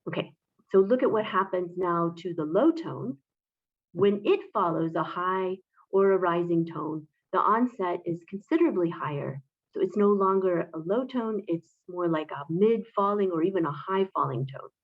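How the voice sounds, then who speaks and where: A woman presenting a recorded academic conference talk, explaining step by step in a measured way with frequent filler sounds. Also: on the low side, animated, narrow, tinny audio.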